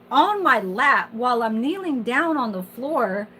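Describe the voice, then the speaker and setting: A woman's voice: on the high side, very animated, unhurried, few pauses, bright, forceful tone, a little hiss or hum, rough recording. Candid, profane woman in her forties. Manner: candid, profane, rambling with many fillers. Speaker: kitchen worker. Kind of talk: casual venting monologue.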